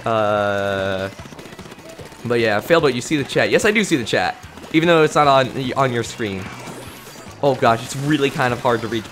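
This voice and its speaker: A young man giving lively live gameplay commentary, chatting with his viewers and yelping at big plays. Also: medium pitch, a little fast. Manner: excitable, yelps and pops off at kills; chatty, talks to chat between plays. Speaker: streamer. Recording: faint music behind.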